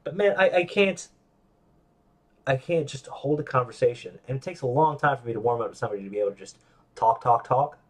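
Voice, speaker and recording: A man at a middle pitch hosts his own show, talking alone in a loose, rambling flow. He mocks himself as he goes, often restarting his sentences. He breaks into animated quoted voices along the way. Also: brisk. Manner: rambling, self-deprecating, with frequent restarts. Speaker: podcast host. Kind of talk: casual solo monologue.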